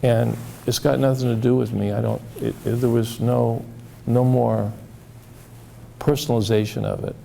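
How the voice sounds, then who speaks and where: A man telling stories from his therapy cases, halting and repeating words as he acts out quoted dialogue. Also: mid-range voice, flat delivery, vocal fry, dark tone, slight background noise. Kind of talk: storytelling talk.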